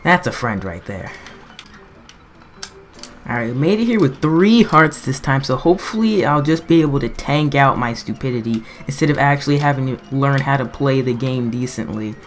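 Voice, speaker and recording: A woman's voice: rumbling low, animated, normal speed, faint music behind. A woman giving rambling, self-mocking gameplay commentary, breaking into frantic yelps when things go wrong. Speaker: gaming commentator.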